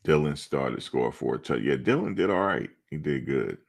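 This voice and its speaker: A man's voice: rumbling low, expressive, moderate pace, gravelly. A male host of a football fan show, chatting casually in a playful, joking, slangy way and repeating himself for emphasis.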